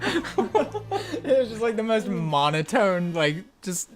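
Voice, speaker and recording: A man's voice: high-pitched, moderate pace, music in the background. A man co-hosting a gameplay video, chatting casually, laughing often and swearing freely. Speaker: let's play co-host.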